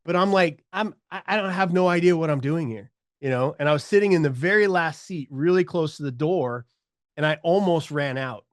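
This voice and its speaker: Middle-aged male podcast guest, lively storyteller, slightly higher voice, dry close mic. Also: a little fast, dry recording. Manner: animated storyteller, acts out quoted voices.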